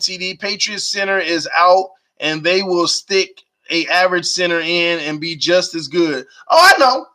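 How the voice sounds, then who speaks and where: High, bright-voiced excited sports streamer. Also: male voice. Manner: animated, slangy, reads chat aloud, urges viewers. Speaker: live stream host. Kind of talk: casual live-stream sports talk.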